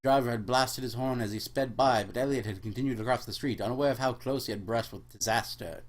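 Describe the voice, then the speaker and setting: Male host, deadpan comic reader, mid-range voice. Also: medium pitch, fast. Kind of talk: mock-serious comic book reading.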